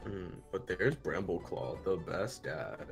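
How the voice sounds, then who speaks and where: A low-voiced man chatting on a live stream, relaxed and jokey. Faint music plays quietly behind him. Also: takes it slowly, creaky. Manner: laid-back, joking, talks over music. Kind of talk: casual stream chat.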